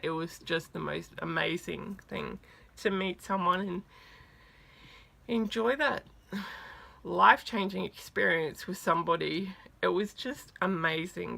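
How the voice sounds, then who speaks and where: Excited woman vlogger rambling through a story, kinda low and gravelly. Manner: chatty and excited, many fillers. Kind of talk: casual storytelling.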